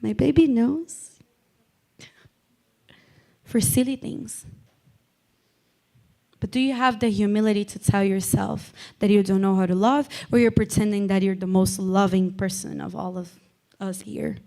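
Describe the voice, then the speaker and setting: A woman's voice: medium pitch, steady tone, measured pace, vocal fry, pauses often, dark tone. A woman preaching a sermon, impassioned, repeating lines for emphasis and calling out members by name.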